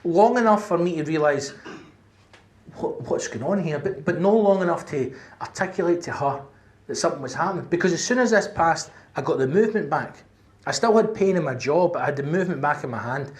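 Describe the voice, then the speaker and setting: A high-voiced male stand-up comedian from Glasgow, Scotland, speaks a little fast as he tells a sweary, animated story full of acted-out shouts. It's recorded live on a stage mic at a comedy venue, with audience laughter.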